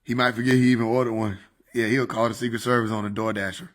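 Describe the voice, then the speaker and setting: A man's voice: mid-range voice, little pitch movement, quick pace, a bit bright. A man casually chatting on a livestream into a desk microphone, joking, swearing and laughing often. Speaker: streamer.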